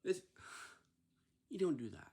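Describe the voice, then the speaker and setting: A man's voice: on the high side, big pitch swings, unhurried, warm tone, husky. A man giving casual workplace advice in a repetitive, scolding way, often checking with "right?". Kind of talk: casual instructive monologue.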